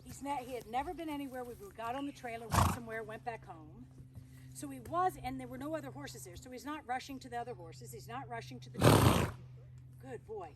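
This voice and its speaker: Chatty horsewoman with a high voice, recorded outdoors with clear ambient noise around her. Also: a little fast. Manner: chatty, breaks off to praise the horse. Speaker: horse trainer. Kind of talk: storytelling while working a horse.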